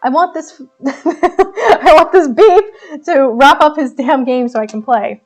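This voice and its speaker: A woman's voice: on the high side, normal speed, warm tone, soft background music. A woman voicing an impatient, rude young woman customer in a costume mask who swears and makes demands.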